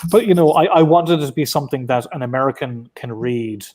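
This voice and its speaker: An Irish man chats from home through his laptop on a video call. His voice sits at an ordinary middle pitch, and he talks in loose, rambling runs. He restarts his sentences often and leans on easy filler words. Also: brisk, a little mellow. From Ireland. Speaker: guest comic writer. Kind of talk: casual interview over video call.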